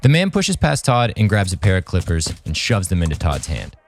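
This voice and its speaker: Deep-voiced man reading a horror script. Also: wildly swooping pitch, fairly quick. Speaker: podcast co-host and script reader.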